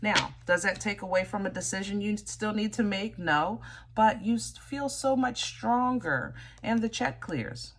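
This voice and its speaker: A woman's voice: medium pitch, measured pace, slight background noise. Chatty woman giving a tarot reading. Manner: chatty, direct and teasing, with frequent "you know?" and "okay?". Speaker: tarot reader. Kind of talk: casual tarot reading to viewers.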